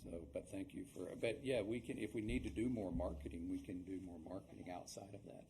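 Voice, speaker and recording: A man presiding over a town board meeting, speaking haltingly with many repeated words. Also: deep voice, fairly even intonation, warm tone. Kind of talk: meeting discussion. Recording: noisy room recording.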